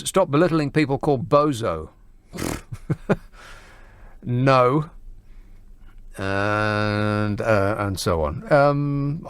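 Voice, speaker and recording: A man's voice: medium pitch, dry recording. A man hosting a late-night radio phone-in, talking with dry sarcasm. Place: radio studio. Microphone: studio mic.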